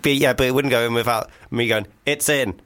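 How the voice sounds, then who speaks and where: A man co-hosting a rock radio show, tossing in dry jokes and playful asides. His voice sits in a middle pitch and stays loose and chatty. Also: steady tone, fairly bright tone, smooth. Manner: playful, joking, quick asides. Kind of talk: casual radio banter.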